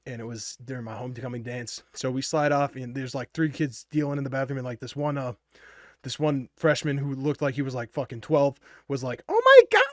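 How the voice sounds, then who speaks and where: A young man spins a loose, profane personal story, packed with fillers and restarts, buzzing from energy drinks. His voice sits at an ordinary middle pitch. The recording is dry and close, with no room sound. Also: dry recording. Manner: rambling and profane, with many fillers.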